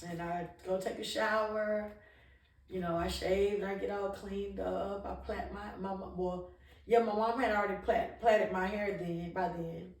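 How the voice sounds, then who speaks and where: A woman's voice: medium pitch, fairly even intonation, unhurried, far from the mic. A woman vlogger candidly telling a personal story in an emphatic, conversational way, often restarting her sentences. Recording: echoey room, voice a little off-mic.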